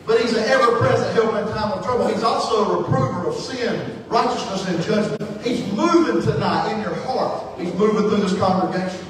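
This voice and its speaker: A man preaches his testimony from the pulpit, pouring out feeling and shifting from hushed passages to shouted ones. His voice sits high, and it reaches the mic from some distance across an echoing church hall. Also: fairly quick, hardly any pauses. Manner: impassioned, swings from hushed to shouting. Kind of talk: sermon testimony.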